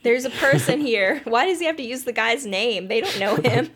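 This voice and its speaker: A woman with a fairly high voice chats casually about a book she is discussing. She laughs a lot as she retells events. She keeps breaking in with jokey, mock-exasperated comments. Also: moderate pace, a bit bright. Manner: laughs often while retelling; joking, mock-exasperated asides.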